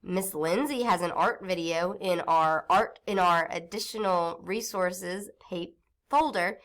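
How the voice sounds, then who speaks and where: A woman teaching young children to read, sounding out syllables slowly and encouragingly. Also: lowish voice, fairly bright tone. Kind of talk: early reading lesson for children.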